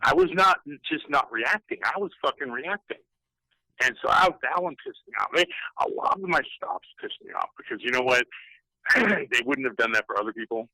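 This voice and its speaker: A man's voice: medium pitch, expressive, fairly quick, vocal fry, sharp tone, no echo, poor audio. A middle-aged man, a guest on a podcast, talking heatedly and profanely with many restarts. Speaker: guest, retired fighter. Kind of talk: podcast interview.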